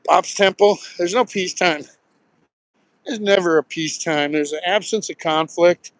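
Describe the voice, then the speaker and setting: A man in his sixties from Southern New Jersey talks in a rambling, storytelling way, dropping casual swears along the way. His voice sits fairly high for a man. He is live streaming on a phone as he walks along a beach. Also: moderate pace, rough recording. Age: 60s. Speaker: live streamer, retired Marine pilot. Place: outdoors on a beach, walking. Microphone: phone held while walking.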